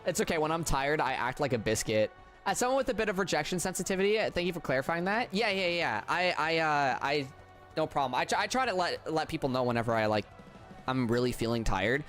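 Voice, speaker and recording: A tired man streaming a racing game, chatting casually with viewers in a flat, subdued way with halting restarts. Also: fairly high pitch, faint music behind. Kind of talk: casual livestream chat with viewers.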